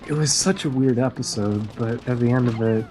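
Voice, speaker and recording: A man co-hosting a casual podcast, recapping cartoon plots in a sarcastic, deadpan way. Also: medium pitch, a little fast, a little hiss or hum, poor audio. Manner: sarcastic, deadpan recounting of plot. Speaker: podcast co-host.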